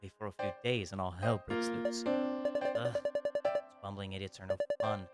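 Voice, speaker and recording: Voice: sits low, fairly even intonation, normal speed, voice pushed down, natural voice. A streamer voicing a bossy, bratty young princess while reading game dialogue aloud on stream, with a sneering, blunt manner and music playing behind. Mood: scornful.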